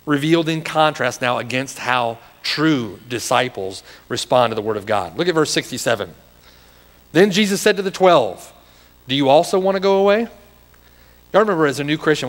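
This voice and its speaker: A man with a high, ringing voice preaches to his congregation, pressing them with repeated, impassioned questions. His words carry a long reverb through the church sanctuary. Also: fairly bright tone. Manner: impassioned preaching, rising into challenging rhetorical questions. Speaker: pastor. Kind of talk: sermon.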